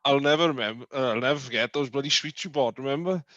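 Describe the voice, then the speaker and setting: A man's voice: medium pitch, quick pace, a loud crowd. A male podcast guest talking casually, full of fillers. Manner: chatty, many fillers like "you know". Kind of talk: casual chat. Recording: dry, dull lo-fi sound.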